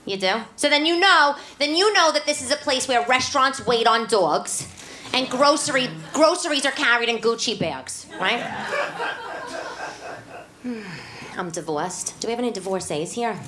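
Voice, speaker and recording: A woman playing a brash, divorced New York single mother with a nasal New York accent, doing loud, brassy crowd work in a live cabaret comedy set on stage. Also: on the high side, lively intonation, normal speed, natural voice. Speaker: stand-up character. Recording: echoey room, noisy live venue.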